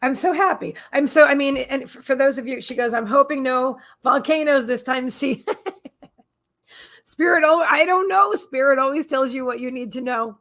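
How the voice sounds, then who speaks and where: Her voice slightly high, a bit bright, and edged with gravelly fry, a woman chats casually while hosting a psychic reading livestream. She repeats her greetings and gratitude in a gushing way, with halting restarts and many fillers.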